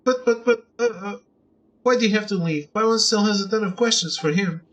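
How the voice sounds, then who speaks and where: A man voicing a small excitable female floating companion who speaks of herself by name. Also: sits high, brisk, lo-fi sound, close to an everyday voice. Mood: flustered. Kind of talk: reading game dialogue aloud.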